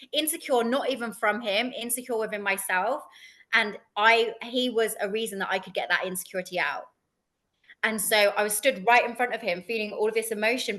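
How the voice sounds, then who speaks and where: A woman's voice: medium pitch, pushed and bright. A woman co-hosting a spiritual lesson, candidly telling a personal story. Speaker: co-host.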